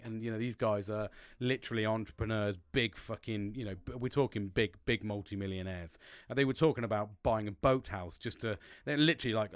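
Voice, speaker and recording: A middle-aged podcast host rambles through a casual monologue, swearing a lot, his pitch swinging animatedly. He talks a little fast, and there's no room sound.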